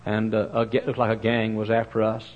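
A male pastor preaching a storytelling sermon, folksy and animated, with many fillers and sudden loud bursts. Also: lowish voice, brisk, highs cut off.

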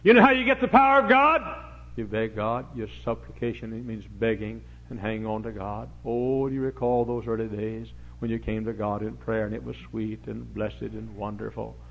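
A middle-aged man, preaching a folksy sermon full of rambling anecdotes and sudden loud emphatic bursts. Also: lowish voice, little pitch movement, moderate pace, gravelly, few pauses. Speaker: pastor. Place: church service before a congregation. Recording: dull lo-fi recording with faint hum.

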